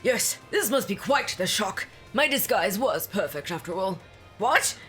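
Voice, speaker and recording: A woman's voice: medium pitch, lively intonation, unhurried, a bit bright, breathy edge, soft background music. A woman voicing a theatrical male academy director who turns out to be the villain, reading game dialogue aloud in a hammy, grandiose way.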